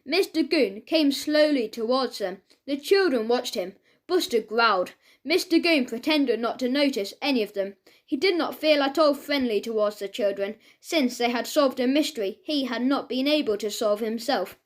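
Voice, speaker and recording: A woman's voice: a little high, moderate pace. A woman narrating a children's audiobook, reading aloud and voicing each character's lines.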